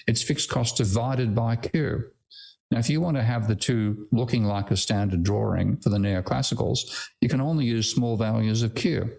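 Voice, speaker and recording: Older Australian male lecturer, gravelly low voice, blunt irreverent delivery, video-call audio. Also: darkish tone. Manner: blunt, irreverent, swears casually. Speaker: guest lecturer. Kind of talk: online academic lecture.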